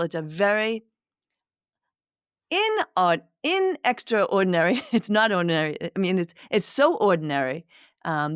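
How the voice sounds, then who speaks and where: A middle-aged woman, a spiritual medium, telling a personal story to listeners in a gentle, reflective way with many restarts. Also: medium pitch, no room sound, clean studio sound. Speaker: spiritual medium, podcast host.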